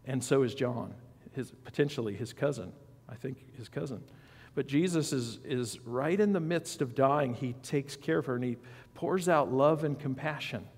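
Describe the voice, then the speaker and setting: A man's voice: medium pitch, normal speed, darkish tone, in a large hall. A man preaching a sermon as pastor, in a conversational style with asides and questions to the congregation. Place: church sanctuary.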